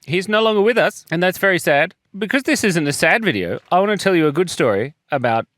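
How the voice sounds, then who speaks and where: A man's voice: high-pitched, animated, quick pace, a bit bright, no echo. A man talking casually in a personal vlog, joking and self-deprecating while getting choked up, and coughing as he gets over a chest infection. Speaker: vlogger.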